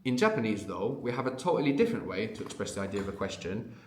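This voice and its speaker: A man's voice: lowish voice, very animated, fast talker, darkish tone, roomy sound, slight background noise. A man teaching a language lesson, explaining patiently and conversationally, often checking in with a questioning "no?". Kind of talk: unscripted audio language lesson.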